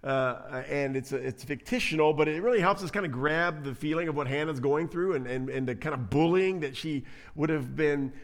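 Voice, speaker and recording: A man preaching a sermon in an animated, conversational way. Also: on the high side, moderate pace. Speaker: pastor.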